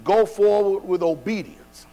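A man preaching a sermon, dropping to quiet, low passages and then building to loud, shouted exhortation. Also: measured pace, poor audio.

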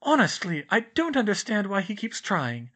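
Audiobook: a man doing a fussy, know-it-all teen girl, pitched well up, prim and brisk, bright tone. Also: wildly swooping pitch, slightly rough, exaggerated voice. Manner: brisk, primly precise.

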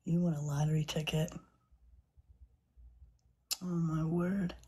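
A woman's voice: low-pitched, little pitch movement, takes it slowly, dark tone, slight background noise. A woman livestreaming to her viewers, overwhelmed and gasping out exclamations, often dropping to a whisper. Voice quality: very breathy, husky voice. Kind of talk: live stream chat with viewers.

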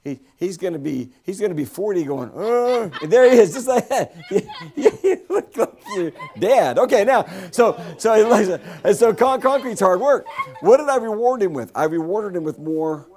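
A fairly high-voiced man preaches in a church sanctuary, joking with the congregation. His delivery is lively and bouncy, with big swings in pitch. He keeps it playful and talks straight to the people in the pews. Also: moderate pace. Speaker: guest preacher. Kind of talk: humorous sermon with audience interaction.

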